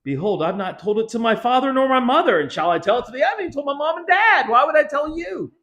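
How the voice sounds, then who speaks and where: A man's voice: very high-pitched, expressive, fast talker, a bit bright, pitched above the performer's own voice, exaggerated voice. A man voicing a petulant, proud young strongman in an indignant, mocking tone.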